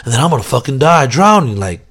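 A man's voice: mid-range voice, sing-song, quick pace, fairly bright tone, husky. A young man rambling in a casual vlog monologue, swearing constantly and mocking himself with loose filler-heavy talk. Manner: profane, self-mocking, rambling with many fillers. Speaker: vlogger.

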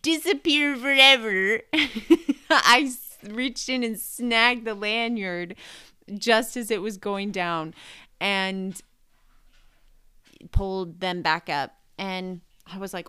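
A young woman co-hosting a podcast, telling a story in casual chat and acting out quoted lines with big jumps in pitch. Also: slow, long pauses, sharp tone, smooth. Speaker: podcast co-host.

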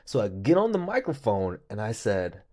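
Man from California, casual storytime, laughs a lot, swears freely, lively swinging voice. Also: fairly low pitch, normal speed.

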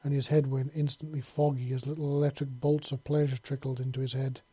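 A man narrates a story in a casual, unpolished reading, stumbling and restarting words now and then. His voice is dark and husky. The recording is dry and close. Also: medium pitch, level tone, fairly quick, no room sound. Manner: casual, with frequent slips and restarts. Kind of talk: reading a fan-fiction audiobook.

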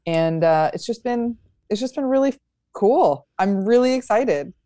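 A woman's voice: on the high side, expressive, unhurried, dark tone, no echo. A young adult woman comedian chatting in an interview, upbeat, with frequent fillers and restarts. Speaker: stand-up comedian guest. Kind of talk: casual interview chat.

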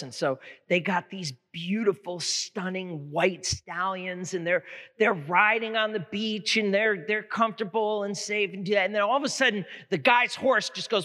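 A man preaching a sermon, animated and storytelling, often repeating words as he builds a point. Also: sits high, measured pace, big-room sound. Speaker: pastor.

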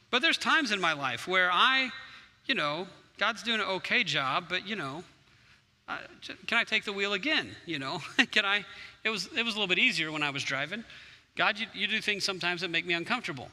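A man's voice: high voice, expressive, brisk, pushed and bright. A man preaching a sermon as pastor, earnest and conversational, acting out his own prayers. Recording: long hall reverb.

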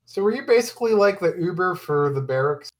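A man's voice: sits high, lively intonation, a little fast. A man co-hosting a casual podcast chat, asking curious follow-up questions.

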